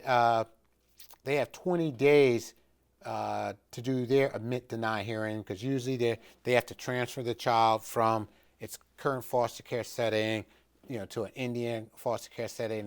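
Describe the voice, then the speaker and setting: A middle-aged man explains procedures in a loose, spoken lesson style. He stresses key points with force and circles back on his own sentences. His voice sits at an ordinary male pitch. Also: clear, resonant tone. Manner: conversational and emphatic, with frequent restarts and fillers. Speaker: instructor of an educational video series. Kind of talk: informal instructional talk.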